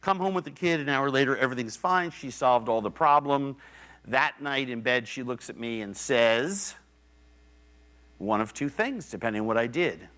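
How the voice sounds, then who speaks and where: A man's voice: medium pitch, lively intonation, moderate pace, a bit bright. A middle-aged man giving a public lecture in a university theater, telling stories conversationally and swearing casually. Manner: conversational storytelling, acts out quoted voices.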